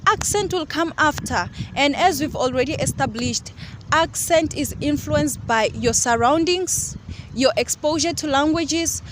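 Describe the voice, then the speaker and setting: A woman with a high voice co-hosts a casual discussion and gives earnest advice. She also makes self-deprecating jokes. She is recorded outdoors, with clear traffic and street noise behind her. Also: unhurried. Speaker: co-host.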